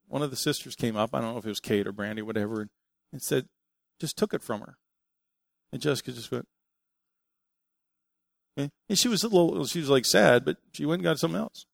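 A middle-aged male pastor preaching with a gravelly, fry-tinged voice. He tells personal stories in an animated way, acting out what people said. The sound is dry and close, with little room around it. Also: medium pitch, no room sound. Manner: animated storytelling, acting out quotes.

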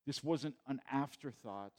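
A man's voice: mid-range voice, measured pace, dark tone. Male pastor preaching in church, conversational, stumbles over words, builds to emphatic peaks. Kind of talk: sermon.

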